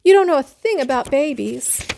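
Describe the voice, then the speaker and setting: A woman voicing a flustered, indignant mother in a storybook reading, shrill and scolding. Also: lively intonation, moderate pace, gravelly, darkish tone, a little hiss or hum.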